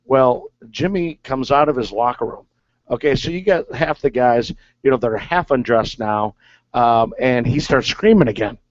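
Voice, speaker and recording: A man's voice: medium pitch, normal speed, dry recording. A man, a former ballplayer, telling stories in a casual, rambling way, filling gaps with "uh" and "okay". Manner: rambling, filler-heavy with many "okay"s. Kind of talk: casual storytelling. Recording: dull lo-fi sound.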